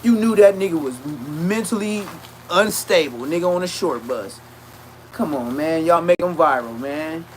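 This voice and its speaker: A man's voice: a little high, normal speed, a little hiss or hum. A man talking straight to his viewers in a casual, repetitive rant full of street slang.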